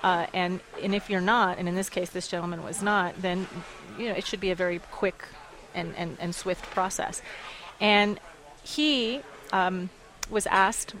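A woman running an advocacy group, speaking in a radio interview with lively storytelling and frequent laughs. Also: fairly low pitch, a little slow, rough recording. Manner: animated storytelling, quotes others, laughs often. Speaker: executive director of an advocacy group.

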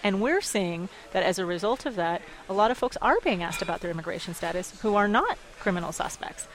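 A woman running an advocacy group, speaking in a radio interview with lively storytelling and frequent laughs. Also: medium pitch, brisk, slight background noise, low-quality recording. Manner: animated storytelling, quotes others, laughs often. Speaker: executive director of an advocacy group.

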